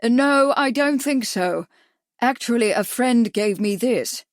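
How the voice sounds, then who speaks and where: Woman playing a loud, careful gentleman owner. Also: fairly high pitch, takes it slowly, no echo, studio quality, pitched above the performer's own voice. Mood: earnest. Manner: speaks loudly and distinctly, as if to a deaf man. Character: polite, slightly awkward gentleman horse owner.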